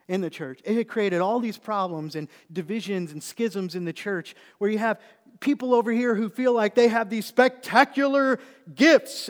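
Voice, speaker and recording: A middle-aged man, a pastor preaching a sermon, telling a story and then building into animated emphasis. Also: high voice. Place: church sanctuary. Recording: long reverb of a church hall.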